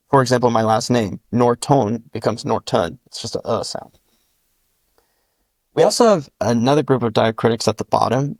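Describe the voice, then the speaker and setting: A man's voice: mid-range voice, a little mellow, no echo. A man, a linguist guest, explaining his constructed language methodically and spelling out each sound with an example word. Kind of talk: patient step-by-step explanation.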